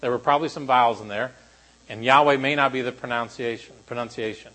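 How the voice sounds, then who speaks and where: A male pastor preaching a sermon to a congregation, shifting between animated emphasis and quiet, solemn lines. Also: mid-range voice, fast talker, low-quality recording.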